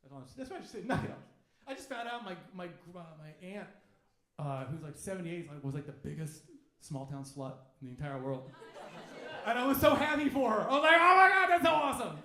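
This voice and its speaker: A man's voice: high voice, sing-song, brisk, fairly bright tone. A man doing a stand-up comedy set in a club, brash and swearing, acting out the voices he quotes. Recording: echoey club room with audience laughter. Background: audience laughing.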